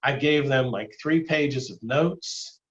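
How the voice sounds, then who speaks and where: A man's voice: medium pitch, takes it slowly, lo-fi sound. An older man giving a casual illustrated talk as a guest speaker, rambling with many fillers and restarts. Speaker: guest speaker, former animator.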